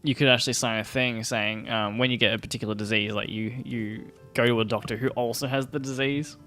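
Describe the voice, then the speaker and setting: A young man co-hosting a podcast, chatting in an animated way, swearing for emphasis and laughing easily. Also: medium pitch, a little fast, soft background music. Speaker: podcast co-host. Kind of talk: casual chat.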